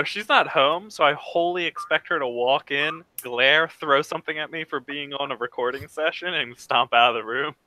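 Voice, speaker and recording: A man chatting casually on a video call, easygoing and quick to laugh. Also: medium pitch, sharp tone, slight background noise, poor audio. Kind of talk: casual chat.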